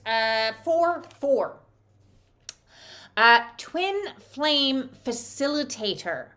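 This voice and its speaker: A woman giving a spiritual oracle card reading in a conversational way, with frequent filler "uh" and dramatic acted-out quotes. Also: on the high side. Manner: animated, acts out quotes with dramatic voices.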